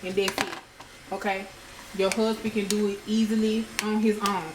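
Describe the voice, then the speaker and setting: A chatty woman talks viewers through a home-cooked meal, speaking easily to them as a friendly cooking vlogger. Her voice rings around a reflective kitchen. Pots and dishes clatter clearly behind her. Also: medium pitch, level tone, moderate pace. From United States. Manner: chatty, addresses viewers as y'all. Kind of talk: casual cooking demonstration. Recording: echoey kitchen with cooking noise.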